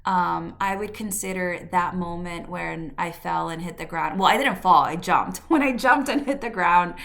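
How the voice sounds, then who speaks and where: A woman's voice: fairly low pitch, moderate pace, gravelly, a bit bright. A woman podcast host telling a personal story in a candid, reflective way, with fillers and restarts. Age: adult.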